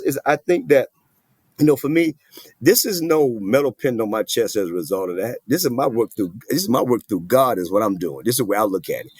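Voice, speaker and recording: A man's voice: medium pitch, husky, no room sound. A middle-aged man, a doctor, speaking earnestly and emphatically as a guest in an interview. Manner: earnest, emphatic, plain-spoken. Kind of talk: interview conversation.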